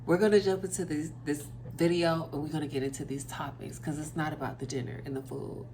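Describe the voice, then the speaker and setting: A woman's voice: low-pitched, fairly even intonation, fast talker, background noise. A woman vlogging at her dinner table, chatting casually and talking straight to her viewers. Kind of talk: casual chat to camera over dinner.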